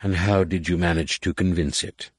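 A man reading a calm, enigmatic female alien mentor in an audiobook, speaking slowly and in measured questions. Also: low voice, breathy edge, no room sound, studio quality. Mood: calm riddling.

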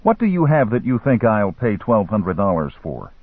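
Brief: man playing a cornered, shaky-voiced man, husky, tinny phone sound. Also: on the low side, sing-song, moderate pace, no echo, full character voice. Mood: shaken. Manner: tense, shaky, defiant. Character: frightened, angry American man in danger.

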